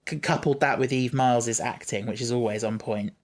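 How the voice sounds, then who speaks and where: A man's voice: medium pitch, steady tone, a little fast. Chatty, enthusiastic male podcast host. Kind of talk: casual chat.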